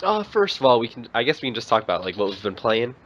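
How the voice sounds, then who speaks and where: A young man chatting on a podcast, his pitch bouncing up and down as he rambles and giggles. The recording sounds dull and lo-fi. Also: very animated, fast talker, fairly bright tone, a little hiss or hum. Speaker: podcast co-host. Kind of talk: casual chat.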